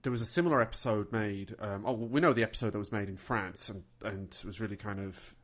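Male co-host for a relaxed podcast, dry and teasing, cracking deadpan jokes. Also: on the low side, fast talker. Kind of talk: casual commentary chat.

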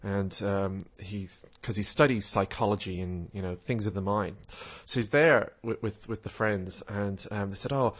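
A man's voice: fairly low pitch, fairly even intonation, moderate pace, few pauses. A man, co-hosting a casual chat and telling stories, hesitant with many fillers. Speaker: podcast co-host.

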